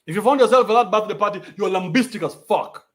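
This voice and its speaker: A man with a Kenyan accent hosting a podcast, ranting in a mocking, animated way and swearing freely. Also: sits high, fast. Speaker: podcast host. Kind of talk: ranting commentary.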